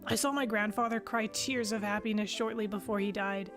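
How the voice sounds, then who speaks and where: A woman's voice: medium pitch, steady tone, fairly quick, lightly acted. A woman voicing an earnest young female starship captain on her first command, narrating her log in the first person. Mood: reflective. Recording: music playing underneath.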